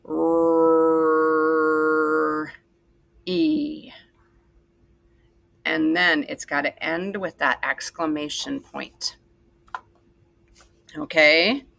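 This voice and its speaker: Bright-voiced teacher talking slowly to children. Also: female voice, sits low, vocal fry. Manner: slow, patient, sing-song teacher talk to young kids. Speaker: second grade teacher. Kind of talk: recorded classroom lesson for children.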